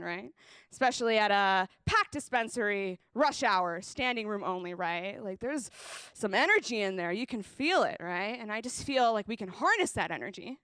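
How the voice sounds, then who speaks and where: A woman's voice: mid-range voice, sharp tone, clean tone, no echo. A woman performing a chatty stand-up set on a comedy stage, often turning to the crowd with asides. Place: comedy stage before a live audience.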